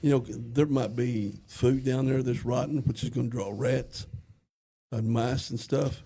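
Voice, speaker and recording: A man's voice: medium pitch, fairly even intonation, unhurried, mellow, slight background noise. A man on a podcast telling a plain-spoken story step by step in casual talk. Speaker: podcast co-host.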